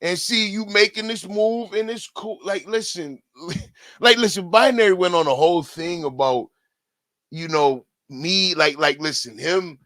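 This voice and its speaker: A man talks in a high, bright voice, rambling through casual live-stream commentary. He swears freely and keeps cutting in with "listen". The sound is close and dry. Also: no room sound. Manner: profane, repetitive, keeps saying "listen".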